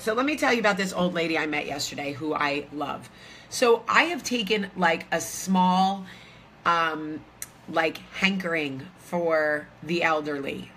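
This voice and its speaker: A woman talks to her viewers in a loose, rambling way, full of fillers. Her voice sits a little low but sounds bright and forceful. A faint hum of room noise hangs behind her. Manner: chatty, rambling, lots of fillers. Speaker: vlogger host. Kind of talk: casual chat to viewers. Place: hotel room.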